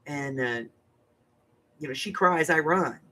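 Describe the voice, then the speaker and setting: A woman's voice: deep voice, slow, pushed and bright. An older woman, a grandmother hosting a crafting live stream, talking bluntly and rambling straight to her viewers. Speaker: crafting channel host. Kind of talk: casual livestream chat.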